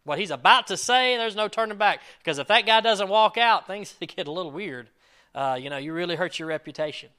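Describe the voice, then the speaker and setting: A man preaching a sermon in an earnest way, swinging between loud emphasis and quiet asides and acting out quoted prayers. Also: high voice, expressive, brisk, clean tone. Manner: acts out quoted prayers and lines. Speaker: pastor.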